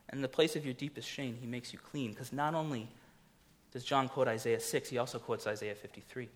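A man preaching a sermon, talking conversationally and asking the congregation rhetorical questions, swinging from loud to hushed. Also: mid-range voice, a little fast. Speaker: pastor.

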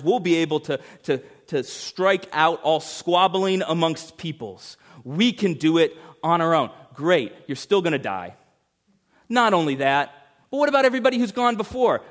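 A pastor preaches a sermon in a high voice, emphatic as he swings between urgent rises and hushed passages.

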